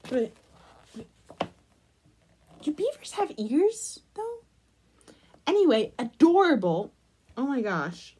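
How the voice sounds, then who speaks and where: A woman chatting casually in a crochet vlog, gushing over a pattern book and trailing off into soft murmurs. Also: high-pitched, huge pitch swings, takes it slowly, long pauses. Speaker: crochet vlogger.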